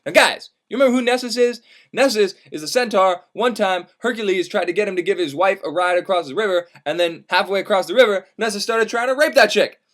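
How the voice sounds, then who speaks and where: Man, comic storyteller, casual, profane, wry asides, fairly high voice. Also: fast, a bit bright. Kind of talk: irreverent comic retelling of a classic.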